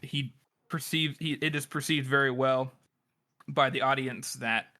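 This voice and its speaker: A man's voice: mid-range voice, steady tone, a little slow, pushed and bright. A man co-hosting a podcast, talking through his thoughts in a hedging way, full of "like" and restarts. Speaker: podcast co-host. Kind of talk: casual book discussion.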